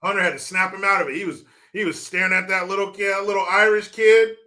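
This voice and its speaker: A man's voice: high-pitched, fast talker. Mocking, profane male livestream host. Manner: mocking, swearing, animated. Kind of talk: profane political commentary.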